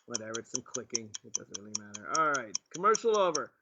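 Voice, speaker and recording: A man's voice: mid-range voice, big pitch swings, quick pace, background noise. A man, a state delegate, giving mocking commentary on clips he plays, full of rhetorical questions. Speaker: state delegate hosting a livestream. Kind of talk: sarcastic commentary on played clips. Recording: dull lo-fi stream audio.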